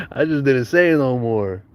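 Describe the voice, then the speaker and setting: A man from Southern California tells stories from his childhood in casual, slangy, profane talk and laughs often. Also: medium pitch. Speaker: podcast guest storyteller. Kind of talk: casual storytelling.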